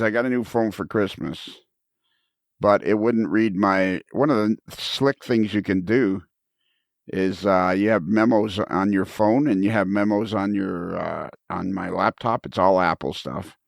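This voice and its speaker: A man's voice: lowish voice, a little slow, creaky, no echo. A man hosting a podcast, telling a rambling, self-deprecating story in casual chat from a studio. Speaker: podcast host. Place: recording studio.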